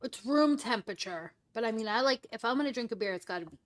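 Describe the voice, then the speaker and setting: Talking fast with lively intonation and a slightly high voice, a woman hosts a casual stream chat. She's chatty and rambling, saying "like" and "um" constantly.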